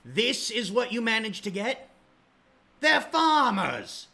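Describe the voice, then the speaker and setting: A man voicing a gruff, foul-mouthed army captain who rants and curses at his ally. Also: very high voice, big pitch swings, slow pace, background noise, voice pushed up, full character voice. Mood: furious. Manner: angry, cursing, shouting.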